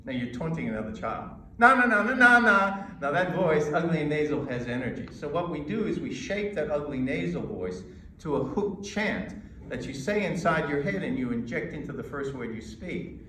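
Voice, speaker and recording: An American man coaching an audience on presenting, emphatic and measured, pausing between points. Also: a little high, expressive, distant mic, a little hiss or hum. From United States. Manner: emphatic, with pauses and demonstrations. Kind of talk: lecture to a live audience. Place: lecture hall. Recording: echoey hall recorded from afar.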